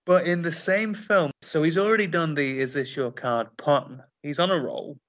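A man hosting a comedy podcast, reading out quotes and acting out silly movie lines in a quick, joking way. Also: fairly high pitch, a bit bright, lo-fi sound. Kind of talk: comedic casual chat.

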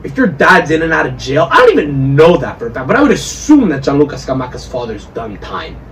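A man's voice: mid-range voice, huge pitch swings, brisk, a bit bright. A man hosting a podcast, drunk, rambling and swearing as he riffs in casual chat. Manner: rambling, profane, riffing. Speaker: podcast host. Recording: distant mic with faint background noise.

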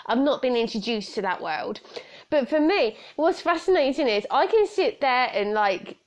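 A British woman in her thirties hosting a solo podcast, chatty and rambling, often breaking into laughter. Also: mid-range voice. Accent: British English. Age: 30s. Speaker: podcast host. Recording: slightly dull lo-fi sound.

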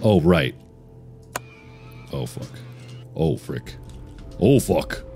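A man's voice: extremely low pitch, sing-song, extremely slow, mellow, soft background music. A man hosting a horror game let's play, talking to himself, jumpy and reacting with frantic repeats and swearing. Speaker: gaming channel host.

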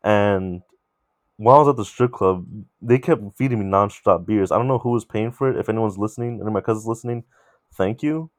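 A young man casually telling a long, animated story among friends, swearing freely. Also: lowish voice, brisk, no echo.

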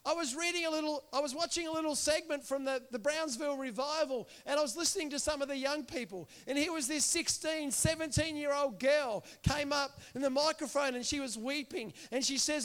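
Male preacher, unusually high voice, earnest and impassioned church sermon. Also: a little fast, few pauses, a bit bright. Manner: earnest, repetitive, builds to impassioned calls.

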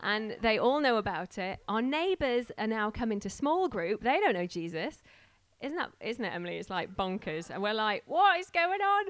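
A woman's voice: medium pitch, lively intonation, moderate pace, hardly any pauses, dry recording. A woman who is starting a church tells a casual, laughing story and acts out the voices of the people in it. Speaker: church planter sharing a story.

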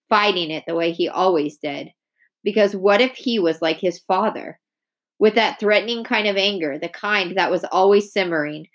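Calm woman reading a novel aloud. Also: on the low side. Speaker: audiobook reader.

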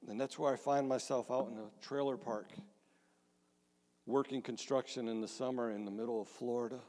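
A man's voice: medium pitch, fairly even intonation, brisk, darkish tone. A middle-aged man, a pastor, telling his own story in a sermon with a conversational, self-deprecating manner and frequent restarts. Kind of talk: sermon testimony. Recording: long hall reverb.

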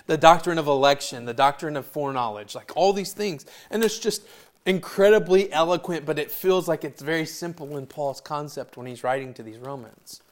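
A man's voice: a little high, fairly quick. A middle-aged man preaching a sermon in a loose, conversational way with rambling asides. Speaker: pastor.

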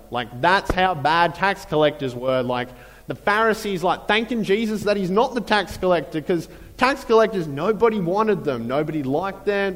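A man preaching a sermon in a relaxed, conversational way, with many fillers and repeated phrases. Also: a little high, long reverb tail, rough recording. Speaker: pastor.

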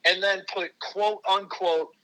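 A middle-aged man from the United States rants with fury, swearing constantly and pressing for agreement. His voice is very bright and tense, sitting fairly high. He talks as a podcast guest. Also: fairly even intonation, slow pace, poor audio. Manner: furious, heavy swearing, repeated "right?". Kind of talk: profane angry rant.

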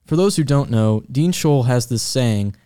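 Young man, dry mellow voice. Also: medium pitch, expressive, unhurried, clean tone, no echo. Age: young adult. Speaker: student interviewer. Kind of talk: casual interview questions.

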